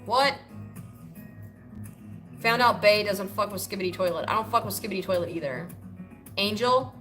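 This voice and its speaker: A woman's voice: medium pitch, normal speed, fairly bright tone, faint music behind. A woman from the United States hosting a casual livestream, answering chat comments in a loose, profane, joking way. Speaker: livestream host.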